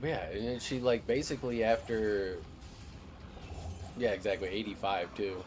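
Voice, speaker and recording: A man's voice: fairly low pitch, steady tone, normal speed, darkish tone, slight background noise. A young man streaming a game, telling a profane, ranting story in casual chat.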